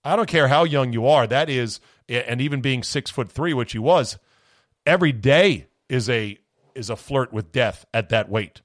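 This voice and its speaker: A man's voice: medium pitch, normal speed, no room sound, clean studio sound. A man hosting a sports podcast, ranting with sarcasm and indignation, his voice worn from screaming. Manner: sarcastic, indignant, swings into shouting. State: voice going from screaming. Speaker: podcast host.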